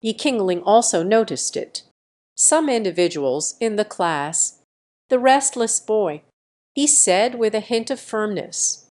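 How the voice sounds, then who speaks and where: A woman narrates a romance audiobook at an unhurried, deliberate pace. Her voice sits at a middling pitch, and the reading is scripted and even.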